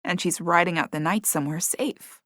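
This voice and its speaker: A woman's voice: lowish voice, normal speed, a bit bright, dry recording, studio quality, close to an everyday voice. A woman voicing an emotional small female black cat in an audiobook, given to dramatic sobbing and wailing. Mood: worried.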